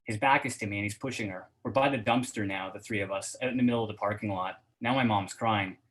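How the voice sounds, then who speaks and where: A man reading first-person fiction aloud at a reading event in a steady voice, hesitant and full of fillers when he chats. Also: on the low side, fast talker, low-quality recording. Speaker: guest reader.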